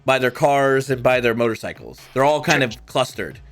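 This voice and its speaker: A man's voice: medium pitch, normal speed, fairly bright tone. A man narrating a tabletop game as game master, rambling with many fillers. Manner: rambling, lots of fillers and voiced asides.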